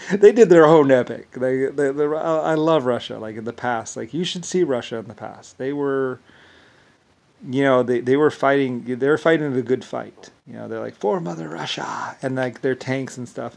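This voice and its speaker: Man, gravelly voice, rambling monologue, stumbling restarts, fillers. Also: mid-range voice. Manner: halting, repetitive, many fillers and restarts; chuckles while telling stories.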